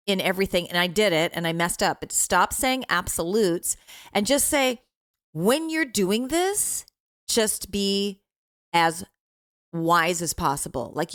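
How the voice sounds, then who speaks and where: A middle-aged woman chatting casually on a podcast as a mother, animated, laughing often and swearing freely. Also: medium pitch. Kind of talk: casual chat.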